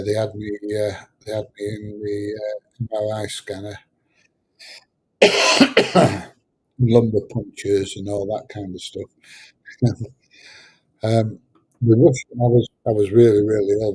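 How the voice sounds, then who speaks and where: A man's voice: lowish voice, a little mellow, breathy edge, poor audio. A middle-aged man, hosting a casual livestream chat, rambling and hesitant with lots of fillers. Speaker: livestream host answering chat.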